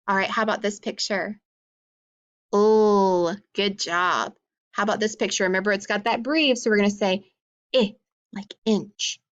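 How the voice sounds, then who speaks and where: A woman's voice: mid-range voice, a bit bright, highs cut off. Encouraging woman teaching young children phonics. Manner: patient, encouraging, speaks slowly to children.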